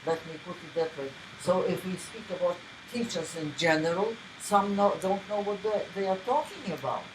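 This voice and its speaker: A woman's voice: on the low side, animated, moderate pace, distant mic. A woman violin master in a masterclass conversation, probing with many questions. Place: room with violin playing. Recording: echoey room with background noise.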